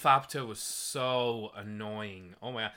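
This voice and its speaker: A man's voice: on the low side, slow, bright, forceful tone. A young man co-hosting a podcast in casual chat, animatedly acting out quotes from characters. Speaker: podcast co-host.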